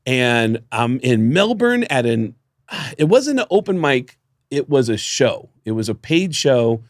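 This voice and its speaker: A man's voice: a little slow, no echo. An American man co-hosting a casual podcast, telling stories with a voice that leaps all over, rising sharply when he quotes people. The sound is close and dry, with no room around it. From United States. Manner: animated storyteller, laughs often, voice jumps high for quoted lines. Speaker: podcast co-host. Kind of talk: casual storytelling chat.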